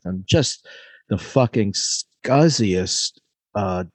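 A man's voice: medium pitch, animated, measured pace, a little mellow, husky, no echo. A man from Maryland telling stories in casual chat, swearing freely and talking with relish. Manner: profane, enthusiastic storyteller.

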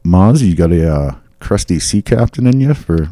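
Male podcast host, low-pitched, casual storyteller reading from notes, dry close mic. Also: lively intonation, normal speed, warm tone, dry recording. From New England. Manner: reads accounts aloud with asides and fillers.

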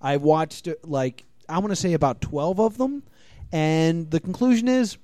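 Animated, high-pitched ranting man. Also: moderate pace, dry recording, studio quality. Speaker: podcast host. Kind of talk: comedic chat, live podcast. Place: small comedy venue, live show.

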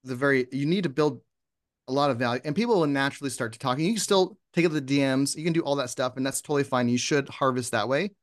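A man talking as a guest in a casual interview, lively and often acting out example posts. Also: mid-range voice, quick pace. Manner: animated, acts out sample posts in voices. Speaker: podcast guest.

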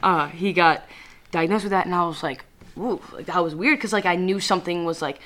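Casting: young woman co-host, lowish but bright, sharp voice, animated, swears freely. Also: fairly quick. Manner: animated, profane, laughs easily, acts out quotes. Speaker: podcast co-host. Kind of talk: casual podcast chat, storytelling.

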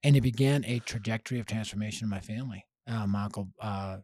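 A man's voice: on the low side, fast, no room sound. A man telling his life story on a podcast with energy, acting out the people he quotes. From Denver, United States. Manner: energetic, acts out quoted voices, punchy. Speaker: podcast guest, youth ministry leader. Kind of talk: animated storytelling interview.

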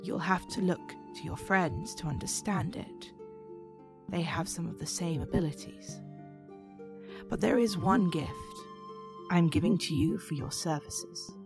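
A woman voicing a gentle, kind female goddess who speaks softly and reassuringly in a tabletop role-play. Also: on the low side, unhurried, music in the background, voice pushed down. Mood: tender. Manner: soft, calm and reassuring.

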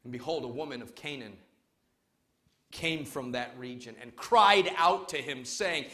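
A male pastor preaching a sermon to his congregation, emphatic, swinging between loud calls and quiet urging. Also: medium pitch, a little slow. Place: church service before a congregation.

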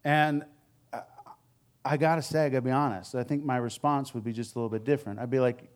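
Telling his sermon's story quickly in a steady tone, a preacher keeps it frank and conversational, dropping candid asides. His volume shifts from loud emphasis to low, quiet comments.

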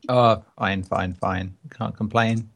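A man joining a podcast, answering in a dry, low-key way. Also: steady tone, slow pace, vocal fry. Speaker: podcast guest. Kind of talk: casual podcast chat.

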